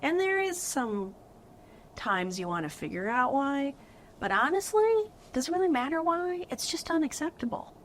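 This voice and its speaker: A woman's voice: sits high, very animated, moderate pace, fairly bright tone, a little hiss or hum. A middle-aged woman from California hosting a podcast, talking in an earnest, chatty way with lots of fillers. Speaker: podcast host. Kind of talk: casual chat with guests.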